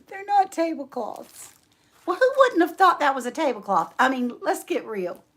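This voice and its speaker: A woman hosting a casual livestream, chatting warmly with viewers, laughing often and reading out their names. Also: sits high, huge pitch swings, fairly quick. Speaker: homestead channel host.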